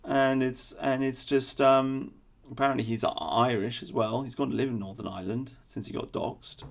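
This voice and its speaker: Guy ranting politics, gravelly, blunt and kinda sarcastic. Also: medium pitch, fairly even intonation, moderate pace. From England. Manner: blunt, opinionated, sarcastic asides. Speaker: political commentator. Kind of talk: political commentary monologue.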